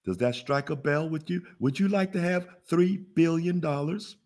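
A man's voice: fairly high pitch, moderate pace, a little mellow. A man hosting a business webinar, talking in a casual, preachy way with lots of call-and-response questions. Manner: preachy, call-and-response, laughs at own jokes. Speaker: webinar host, business funding teacher. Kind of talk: casual motivational webinar teaching.

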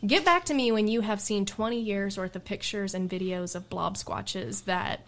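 A woman guest on a podcast, chatting casually and telling lively stories, often laughing and acting out what people said. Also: mid-range voice, normal speed. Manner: animated, laughs often, quotes herself and others in stories. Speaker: podcast guest and radio show host. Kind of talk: casual storytelling chat.

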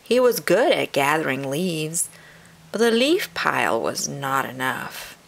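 A woman reading a picture book aloud to children in an expressive storytelling manner. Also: low-pitched, measured pace, vocal fry. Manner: warm, expressive read-aloud delivery.

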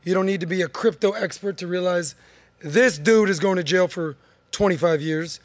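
A man's voice: sits high, moderate pace, no echo. A man hosting a podcast in casual studio chat, upbeat and teasing his guests, with a voice he says is going. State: losing his voice. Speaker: podcast host.

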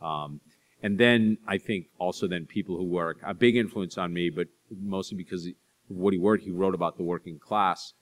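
A man's voice: low-pitched, steady tone, normal speed. A man speaking as an author at a public library talk, conversational with dry humor, often restarting his sentences. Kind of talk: casual talk with Q&A.

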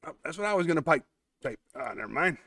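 A man hosts a casual online show, chatting through a word game, thinking aloud and mocking himself before a warm, heartfelt thank-you to viewers. His voice is a little high and fast, with big pitch swings, vocal fry, and a bright, forceful tone.

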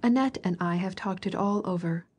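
A woman voicing a fretful, capricious young princess who chatters and complains in a lively way. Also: mid-range voice, moderate pace, slightly rough, natural voice. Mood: chattering.

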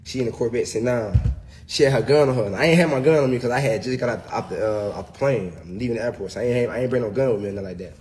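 A man talking straight to his viewers in a loose livestream rant. He swears freely and hammers his points home, ending line after line with "bro." His voice sits at an everyday middle pitch. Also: racing, darkish tone, a little hiss or hum. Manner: profane, emphatic, keeps saying bro.

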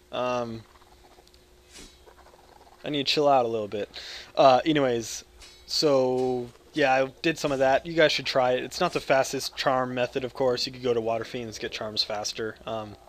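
A man from the United States giving rambling gameplay commentary, loud and jokey with crude humor, swinging between yelling and mumbling. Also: mid-range voice, a little hiss or hum. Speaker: gaming video creator.

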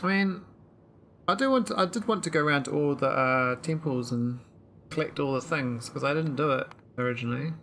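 A man talks through his game session in a loose, rambling way, trailing off and restarting as he thinks aloud. His voice is bright and tense with a gravelly edge, and there is faint noise underneath. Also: on the high side, fairly quick. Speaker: gameplay streamer. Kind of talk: casual let's-play commentary.

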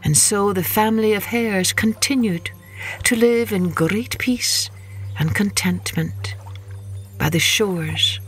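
A woman telling stories for children, reading in a gentle, expressive and unhurried way as host. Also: mid-range voice, soft background music. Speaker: children's storyteller. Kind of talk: children's storytelling.

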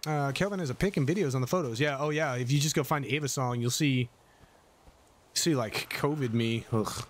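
Speaking at a medium pitch and moderate pace, a middle-aged streamer gives relaxed live commentary on a survival game. He thanks viewers along the way and curses at the jump scares.

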